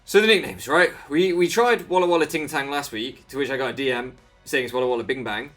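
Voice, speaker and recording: A man's voice: medium pitch, fast, a bit bright, soft background music. A man giving casual, rambling commentary over a Pokémon game, easily sidetracked and self-mocking. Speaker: Pokémon video creator.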